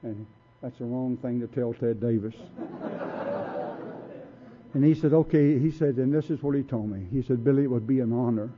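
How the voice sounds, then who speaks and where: A man's voice: mid-range voice, moderate pace, a little hiss or hum. Streetwise man telling his story, tinny. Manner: blunt streetwise storytelling, acts out quotes. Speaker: recovery meeting speaker. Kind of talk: personal story talk. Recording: tinny phone-like recording.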